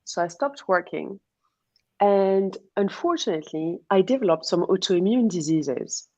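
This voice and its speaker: A woman's voice: medium pitch, expressive, measured pace, darkish tone, no room sound. Lady guest on radio w a french-ish accent, chatty, kinda muffled. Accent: French-educated. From half Moroccan, half Iranian. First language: not English. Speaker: guest nutritionist. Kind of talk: radio interview.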